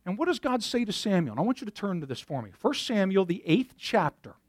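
A man preaches to his congregation in a lively, swooping voice that sits high for a man. He talks them through scripture and reads verses aloud. The sound is dry and close. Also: brisk, no echo. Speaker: pastor. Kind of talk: sermon.

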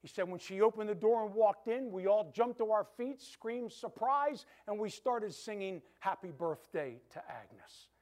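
A male preacher with a notably high voice tells a story in a sermon. He retells it through quoted dialogue, keeping it animated and moving. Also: normal speed, few pauses.

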